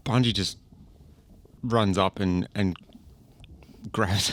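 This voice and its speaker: A man's voice: sits low, fairly even intonation, slow pace, long pauses, fairly bright tone, no room sound. A man playing in a tabletop role-play, narrating his character's actions. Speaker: player.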